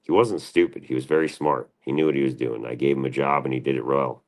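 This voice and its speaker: A man's voice: a bass voice, fast. A man hosting a livestream, answering his chat in a profane, combative and defensive rant. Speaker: livestream host.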